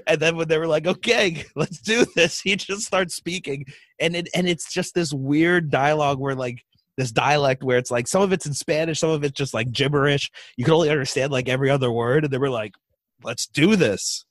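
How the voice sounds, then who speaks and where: A man's voice: a little high, steady tone, fairly quick, no echo, studio quality. A man guesting on a podcast, chatting casually and emphatically, drifting into long asides. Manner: rambling, emphatic, trails off into asides. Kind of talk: casual chat.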